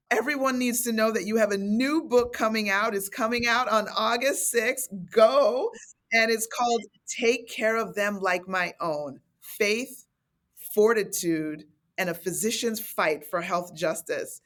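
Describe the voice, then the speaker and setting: A woman interviewer speaking warmly and enthusiastically to her guest in a conversational interview. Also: a little high. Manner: effusive, enthusiastic praise.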